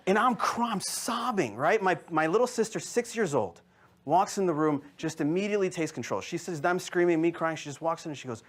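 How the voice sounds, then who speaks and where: A man's voice: on the high side, animated, fast talker. A man in his thirties doing a stand-up comedy set before a live audience, telling stories with quoted voices and asides to the crowd. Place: live venue with audience laughter.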